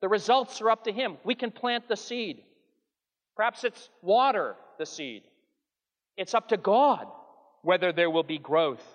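High-voiced preacher in a reverberant hall. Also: male voice, expressive, a little slow, dull audio. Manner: earnest, emphatic preaching with rising and falling delivery. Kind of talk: sermon.

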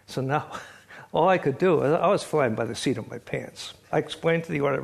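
Older male lecturer, gravelly, slightly high voice, wry and chatty. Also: moderate pace. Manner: wry, chuckling storyteller, reads quotes aloud. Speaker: lecturer on biblical poetry. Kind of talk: classroom lecture.

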